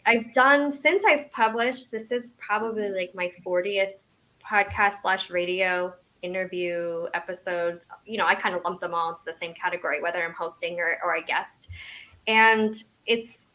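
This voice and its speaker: A woman's voice: lowish voice, bright, forceful tone. Woman about 40 chatting as a guest, keeps restarting sentences, pokes fun at herself. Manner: halting and self-deprecating, with frequent restarts. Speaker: interview guest, memoir author. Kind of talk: casual interview chat.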